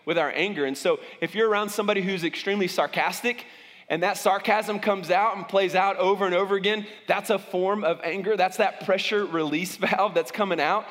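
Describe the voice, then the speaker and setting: A man's voice: sits high, fairly even intonation, a little fast, fairly bright tone, in a large hall. A man preaching as a pastor, talking conversationally and often restarting his sentences. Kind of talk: sermon.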